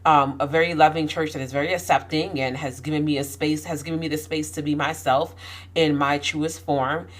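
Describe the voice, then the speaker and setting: A woman's voice: low voice, steady tone, brisk. A woman talking candidly to camera about her own experiences, outspoken and passionate, with frequent restarts and rising emphasis. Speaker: vlogger. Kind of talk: candid personal talk to camera.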